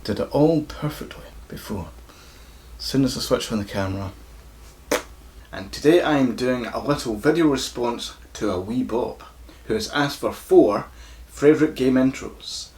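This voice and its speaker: A Scottish YouTuber with a croaky voice, casually flubbing takes and swearing at his own mistakes. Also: mid-range voice, normal speed, a little mellow, slight background noise. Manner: swears freely at his own flubs, self-mocking.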